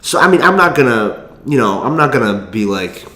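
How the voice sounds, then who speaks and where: A man's voice: medium pitch, big pitch swings, bright, forceful tone, reverberant, slight background noise. A young man telling a rambling story in casual chat, swearing freely and restarting his sentences. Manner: rambling, profane, quick asides and restarts. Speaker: vlogger.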